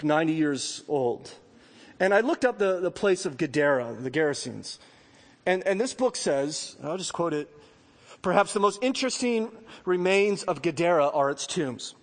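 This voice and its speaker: High-voiced man preaching in a big hall. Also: moderate pace. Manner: animated preaching, acts out voices of biblical figures. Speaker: pastor. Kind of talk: sermon.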